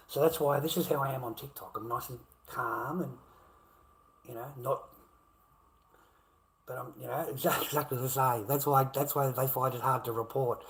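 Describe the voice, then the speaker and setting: An Australian man ranting on a livestream, swearing constantly and swinging between low muttering and loud outbursts. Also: low-quality recording. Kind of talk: profane livestream rant.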